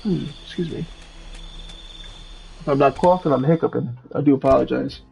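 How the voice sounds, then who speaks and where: A man's voice: medium pitch, normal speed, creaky, warm tone, rough recording. A man streaming a game with casual commentary. He reads the quest text and the characters' lines aloud.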